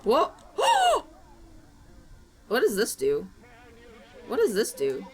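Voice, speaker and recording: A woman's voice: a little high, huge pitch swings, extremely slow, background noise. A woman streaming gameplay with friends, talking in a dramatic, playful way and breaking into mock-panicked shrieks and wails.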